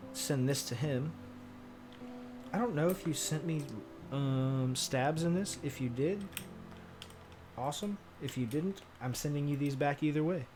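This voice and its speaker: Chatting with viewers while putting together a keyboard on stream, this young man keeps things laid-back and slangy, cursing freely. His voice is medium in pitch.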